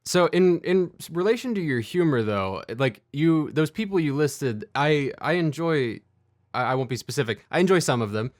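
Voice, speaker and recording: A man's voice: on the high side, expressive, normal speed, dry recording, studio quality. A man co-hosting a casual podcast, asking meandering questions packed with fillers. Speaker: podcast co-host. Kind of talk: casual chat.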